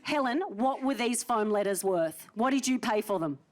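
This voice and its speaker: A woman's voice: on the high side, expressive, normal speed, a crowd in the background. Cheeky comedian in her forties. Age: early 40s. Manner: cheeky, teasing banter with an audience member. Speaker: stand-up comedian. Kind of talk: live stand-up with crowd work. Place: theatre stage before a live audience. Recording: noisy live theatre recording.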